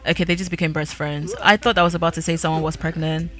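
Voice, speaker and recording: A woman's voice: low voice, fairly even intonation, quick pace, fairly bright tone, soft background music. A woman giving casual, sassy commentary while playing a life-sim game, chatty and nosy. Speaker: gaming creator.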